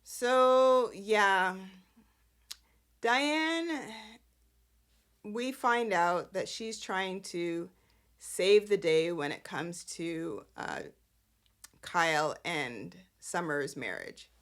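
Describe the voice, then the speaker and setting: Sassy slow-talking woman host. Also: lowish voice, expressive, a bit bright. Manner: sassy, exasperated, chatty. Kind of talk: casual recap commentary.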